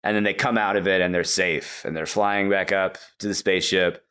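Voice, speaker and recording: Speaking a little fast in a deep, smooth voice, a man appearing as a podcast guest excitedly recounts a film's plot in a casual way. Fillers like "like" and "you know" run all through his animated telling.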